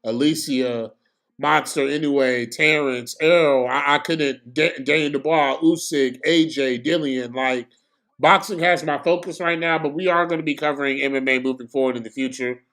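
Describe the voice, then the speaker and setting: A young man giving casual, slangy live commentary on a boxing match for his stream, excitable and prone to bursts of shouting. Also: on the high side, normal speed.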